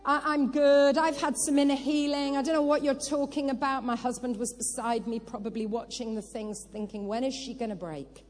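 A woman's voice: sits high, level tone, moderate pace, few pauses, a little hiss or hum. A woman preacher giving a sermon, telling her own story and rising into impassioned, crying prophetic declarations. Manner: testimony building to impassioned prophetic cries. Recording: long hall reverb with soft music.

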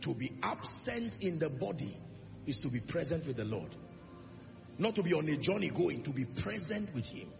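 Male preacher, high and gravelly, emphatic sermon delivery, echoing church hall with music underneath, dull lo-fi sound. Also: big pitch swings, normal speed. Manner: emphatic preaching with rhetorical questions. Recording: reverberant lo-fi hall recording with music.

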